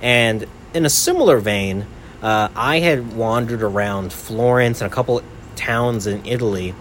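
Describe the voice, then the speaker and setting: A man's voice: medium pitch, unhurried, fairly bright tone, a little hiss or hum. A young man and podcast host telling a travel story in a rambling casual way, full of "like" and "right?".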